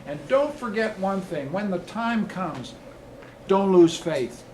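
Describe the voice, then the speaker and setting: A man and politician giving a rousing campaign speech and answering questions, stacking emphatic lists that build to loud peaks. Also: sits high, animated, slow, a little hiss or hum, low-quality recording.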